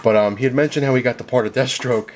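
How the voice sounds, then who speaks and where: Fast-talking young man rambling about a convention. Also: mid-range voice, a little hiss or hum. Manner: rambling, many fillers, retells conversations with "he's like". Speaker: vlogger recapping a comic convention. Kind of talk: casual chat.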